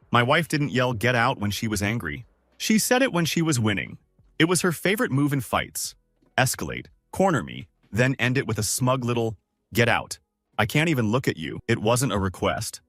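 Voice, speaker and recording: A man's voice: mid-range voice, moderate pace, no echo, studio quality, faint music behind. Man narrating a dramatic story. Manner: dramatic, lively first-person storytelling.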